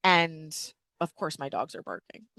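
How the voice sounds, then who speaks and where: A woman with a medium-pitched, slightly bright voice talks openly on her personal-growth podcast, recorded at home with dogs, peppering her speech with fillers and offhand swearing. There's no echo.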